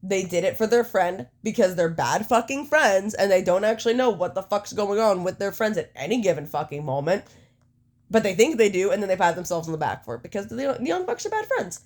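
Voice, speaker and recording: A young adult woman co-hosting a podcast, talking casually and swearing freely. Her storytelling is lively and animated, with a mid-range voice. She jumps between quick asides and recaps. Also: mid-range voice. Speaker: podcast co-host. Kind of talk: casual chat.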